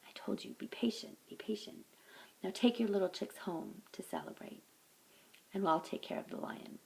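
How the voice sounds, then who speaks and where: A woman voicing a clever, calm male mongoose in a read-aloud folktale, speaking in a knowing, soothing way. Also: medium pitch, normal speed, gravelly, whispered, poor audio.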